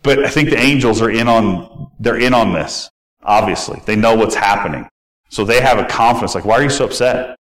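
A man's voice: on the low side, normal speed, fairly bright tone, low-quality recording. A male pastor giving a sermon in a conversational, candid style with personal asides.

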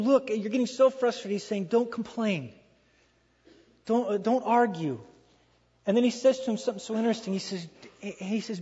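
A man preaching a sermon in a lively, animated way, acting out quoted voices and repeating phrases for emphasis. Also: high-pitched, husky. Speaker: pastor. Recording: dull lo-fi sound with long hall reverb.

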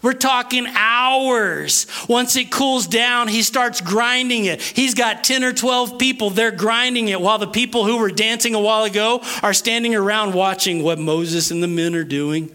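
A male preacher with a bright, forceful voice delivers an emphatic sermon. He moves between loud, punchy declarations and quiet asides, and acts out the scripture with voices. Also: sits high, moderate pace, hardly any pauses. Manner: dramatizes scripture with acted voices. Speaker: pastor.

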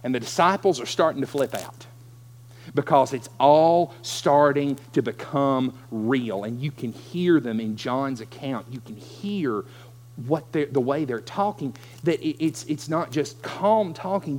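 Animated man preaching a sermon. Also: medium pitch, a little slow, slight background noise. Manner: animated, acts out scripture voices. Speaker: pastor.

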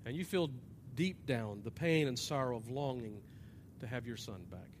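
A man preaching a sermon in a church, animated, acting out voices and swinging from loud to hushed. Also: medium pitch, normal speed, a little hiss or hum. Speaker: pastor. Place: church hall with an audience.

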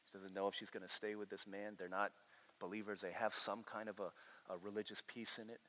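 A male pastor telling a story in a sermon, animated, often stumbling and repeating words as he acts out conversations. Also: lowish voice, a little fast. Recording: long reverb of a large hall.

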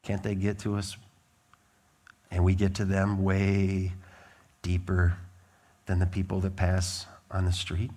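A man's voice: takes it slowly, long pauses. Emphatic male pastor preaching. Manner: emphatic, lively pitch swings, blunt asides. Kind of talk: sermon.

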